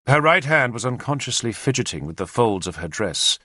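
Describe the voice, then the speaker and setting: A man narrating a historical novel in first person, measured and expressive. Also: mid-range voice, no echo, studio quality. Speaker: audiobook narrator.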